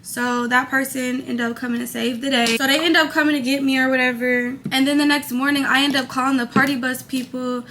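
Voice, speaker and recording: A young woman vlogger telling a casual storytime, animated and quoting others as she goes. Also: sits high, fairly quick, hardly any pauses, noisy background. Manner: animated storytelling, quoting people in her own voice.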